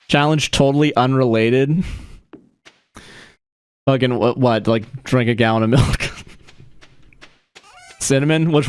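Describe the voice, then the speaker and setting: A man's voice: medium pitch, clear, resonant tone, dry recording. A man livestreaming a game, chatting casually in a rambling, profane way and laughing often. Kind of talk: casual chat while streaming a game.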